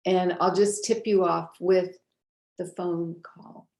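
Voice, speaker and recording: Woman host, low-pitched and slow, echoey room. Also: little pitch movement, creaky, darkish tone. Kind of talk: interview.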